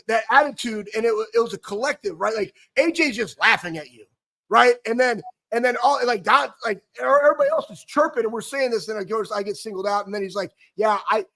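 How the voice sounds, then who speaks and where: Really high voiced guy in his 40s, excitable, rambling co-host story. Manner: excitable, rambling, stumbling restarts. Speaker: co-host, former player. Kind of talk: animated storytelling.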